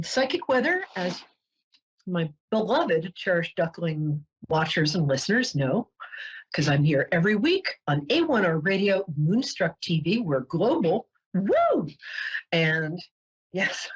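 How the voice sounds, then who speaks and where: Brief: New York woman, psychic show host, low husky voice, lively swoops, joking, chatty, muffled lo-fi sound. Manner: playful, joking, digressive. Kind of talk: casual chatty monologue. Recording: dull lo-fi webcast audio.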